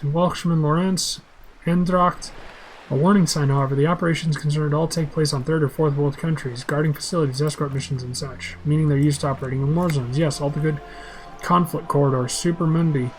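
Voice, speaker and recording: Quick-reading man voicing game dialogue. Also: on the high side, fairly even intonation, slight background noise, low-quality recording. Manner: plain, quick reading with small slips. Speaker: game describer.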